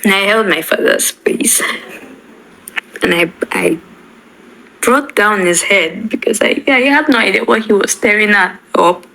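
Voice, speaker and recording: A young woman speaks slowly and haltingly, often repeating her words as she tells an emotional personal story. Her pitch sits in the middle range. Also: creaky, bright, forceful tone, slight background noise, rough recording. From Nigeria. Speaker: bereaved daughter.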